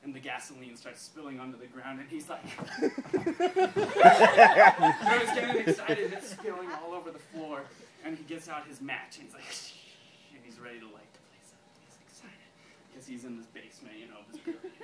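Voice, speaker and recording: A man casually pitching a story to a group, laughing often and restarting his sentences. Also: expressive, very noisy. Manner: giggly, keeps breaking into laughs; halting, many restarts. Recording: echoey room, far from mic, crowd around.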